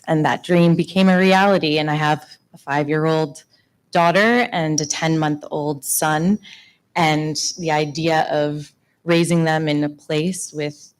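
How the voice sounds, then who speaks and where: A woman in her thirties from Long Island, with a notably low voice, addresses the board at a town hall microphone. She speaks with earnest, fond articulation about her neighborhood. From Long Island, New York. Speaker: resident speaking at public hearing. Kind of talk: public comment at town meeting. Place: town hall meeting room.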